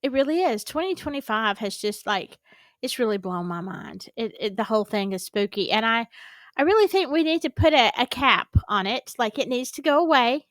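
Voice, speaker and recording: A woman's voice: a little high, sing-song, normal speed, fairly bright tone, no room sound. A woman hosting a casual reaction video, talking in a chatty, rambling way with plenty of fillers and restarts. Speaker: host.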